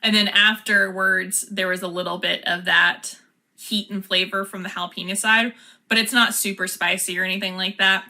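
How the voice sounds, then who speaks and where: A woman's voice: medium pitch, steady tone, normal speed, sharp tone. A woman chatting casually as she unboxes and taste-tests snacks, laughing often. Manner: chatty, laughs often, reads product cards aloud. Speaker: vlogger.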